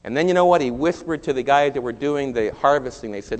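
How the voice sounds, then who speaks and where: A man preaching a sermon, telling a Bible story with animated rises and quieter stretches. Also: medium pitch, quick pace, few pauses, in a large hall. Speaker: pastor.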